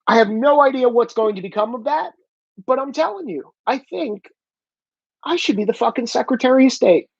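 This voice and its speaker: A man's voice: extremely high pitch, moderate pace, creaky, slightly rough, no room sound, highs cut off. A man vlogging in a casual monologue, ranting with lots of swearing. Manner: profane, animated ranting.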